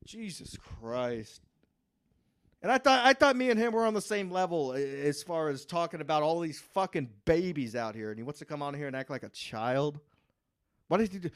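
A man hosting a podcast solo, reading the live chat and ranting with lots of swearing, swinging from muttering to yelling. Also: on the high side, animated, moderate pace, no room sound, clean studio sound. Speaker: podcast host. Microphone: podcast microphone.

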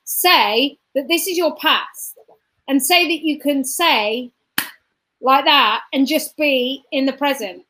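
A woman's voice: sits high, slow, bright, forceful tone. A woman, a guest giving a motivational talk, repeating phrases emphatically and punching points with sound effects.

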